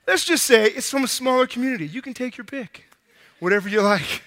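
A man preaching a casual, animated sermon to a young crowd, out of breath, acting out bits of dialogue in slang. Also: extremely high pitch, moderate pace, long reverb tail.

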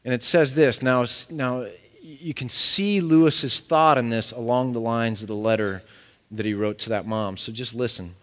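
A pastor with a mid-range, slightly bright voice preaches a sermon at normal speed in an earnest, searching manner. He often restarts his phrases, repeating words as he does. The sound echoes like a hall.

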